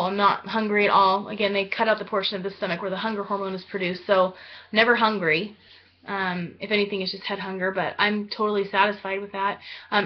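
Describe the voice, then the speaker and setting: A woman in her thirties talks casually to the camera, rambling and earnest, with plenty of ums and likes. She grows a little teary as she speaks. The home video recording sounds slightly muffled. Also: medium pitch. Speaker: vlogger. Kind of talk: casual weight-loss surgery update vlog.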